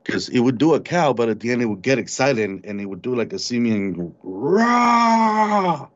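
A man recounting a frightening encounter in an interview, halting and repeating words as he tells it. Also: fairly low pitch, darkish tone. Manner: halting, repeats words when shaken, mimics animal sounds. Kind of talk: storytelling in an interview. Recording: dull lo-fi recording.

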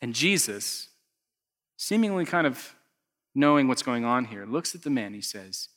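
A man preaching a conversational sermon, acting out characters and swinging from loud bursts to hushed asides. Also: medium pitch, sing-song, a little slow. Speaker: pastor. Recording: echoey long hall reverb.

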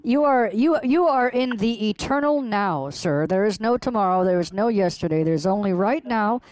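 A woman's voice: medium pitch, expressive, moderate pace, darkish tone, dry recording, low-quality recording. A woman on a prank call, berating a phone scammer with mocking, profane insults.

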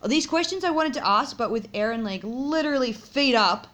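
A woman with an Australian accent co-hosting a podcast, talking in an expressive, joking way. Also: high voice, moderate pace. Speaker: podcast co-host. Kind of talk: casual chat.

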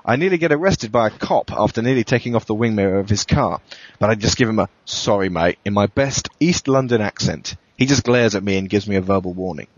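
A man, a podcast host, reading a first-person thriller in a steady, matter-of-fact way. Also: fairly low pitch, fast, few pauses. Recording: dull, dry lo-fi recording.

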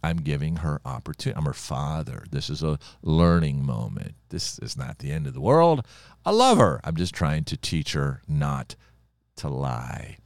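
A man's voice: extremely low pitch, normal speed, gravelly, darkish tone, dry recording. An older man, a pastor, teaching the Bible on a podcast in a folksy, conversational way, full of personal stories. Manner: folksy, storytelling preacher with personal anecdotes.

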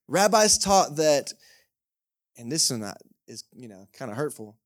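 Male pastor, fairly high voice, casual humorous sermon style. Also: very animated, moderate pace. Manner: conversational, joking, keeps asking the congregation "right?". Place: church service held in a cinema.

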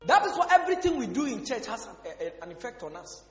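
A male pastor preaching a sermon, asking the congregation questions and breaking into sudden shouts. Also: very high voice, big pitch swings, fast. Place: church hall. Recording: echoey hall with faint music.

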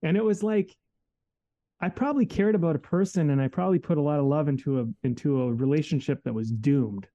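A man recounts a personal story in casual conversation. He talks candidly and reflectively, with lots of fillers and restarts. His voice is very dark and mellow, and the recording sounds slightly dull and lo-fi. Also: on the high side, a little fast. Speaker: guest telling a personal story.

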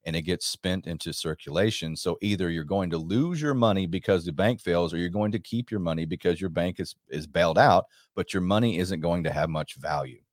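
A man's voice: sits low, brisk, hardly any pauses, no room sound, studio quality. A man hosting a radio show, giving emphatic, rambling commentary with frequent restarts. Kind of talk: monologue commentary.

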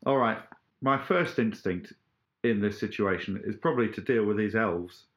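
A player in a tabletop game who speaks in a deliberate, drily funny way. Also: medium pitch, lo-fi sound.

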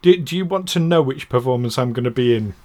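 A man's voice: mid-range voice, fast, darkish tone. A man hosting a podcast in casual chat, friendly and rambling, often laughing at himself. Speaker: podcast host.

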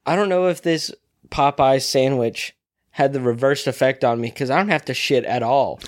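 A man's voice: medium pitch, normal speed. A man co-hosting a casual movie podcast, teasing his friend and laughing often. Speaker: podcast co-host. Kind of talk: casual chat.

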